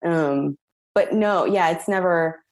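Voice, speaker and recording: A woman guest with a faint Long Island accent chats on a podcast over a remote call. Her voice sits a little low, and she talks with easy laughs and lots of restarts. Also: takes it slowly, a little mellow. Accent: faint Long Island New York. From Long Island, New York. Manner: chatty, laughing, trailing restarts. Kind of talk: casual chat.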